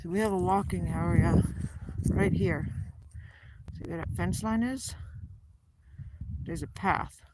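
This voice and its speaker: A woman keeping pet geese, talking casually to the camera as she walks a pond shore, and breaking into high sing-song baby talk for her animals. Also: takes it slowly, pauses often. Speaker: goose keeper and video host. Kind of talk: casual vlog narration while walking outdoors. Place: outdoors by a rural pond. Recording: loud outdoor noise around the phone.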